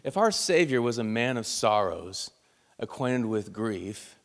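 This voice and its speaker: A man's voice: on the low side, sing-song, a little slow, long reverb tail. A man, a pastor, preaching a sermon and telling a personal story in an earnest, heartfelt way.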